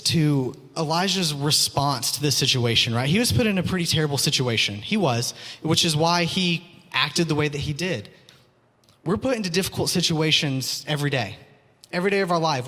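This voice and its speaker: A man's voice: on the high side, fairly bright tone. A man preaching a sermon, earnest and pleading, repeating his phrases; he also teaches school. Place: church hall. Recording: long hall reverb.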